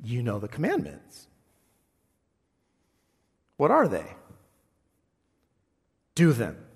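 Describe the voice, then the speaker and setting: A male pastor preaching a sermon, expressive, swinging between loud passages and hushed ones. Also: mid-range voice, very slow, vocal fry, breathy edge, big-room sound.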